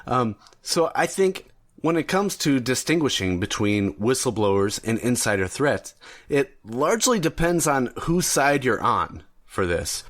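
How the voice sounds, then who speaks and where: A man's voice: mid-range voice, sing-song, measured pace, fairly bright tone. A man hosting a solo podcast, talking casually and rambling a bit with fillers and restarts. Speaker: podcast host.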